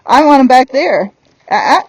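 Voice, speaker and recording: A woman's voice: high-pitched, expressive, normal speed, husky, dry recording, low-quality recording. A woman horse trainer giving a hands-on lesson while working a horse on the ground, blunt and firm.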